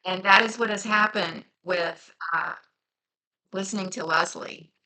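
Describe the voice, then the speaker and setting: A woman's voice: mid-range voice, measured pace, pushed and bright, rough recording. A woman with a light Southern twang, chatting in a rambling way while she crafts on her vlog. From near Cincinnati, across the Ohio border. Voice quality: rambling, chatty, full of fillers. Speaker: journaling crafter. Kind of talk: casual crafting vlog chat.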